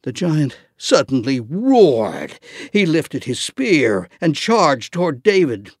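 Expressive man reading a storybook slowly. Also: on the high side, no echo, clean studio sound. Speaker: audiobook narrator. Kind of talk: children's audiobook reading.

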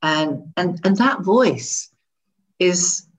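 A woman talking in an interview as a guest expert, animated, laughing often and demonstrating tones of voice while seated. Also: lowish voice, extremely slow, rough recording. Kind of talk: conversational interview. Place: seated indoors.

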